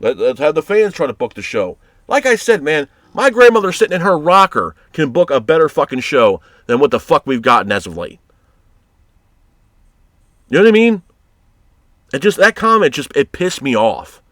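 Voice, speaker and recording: A man's voice: fairly high pitch, a bit bright, dry recording, clean studio sound. A man reviewing a wrestling show in a heated, profane rant, exasperated and blunt. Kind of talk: ranting commentary.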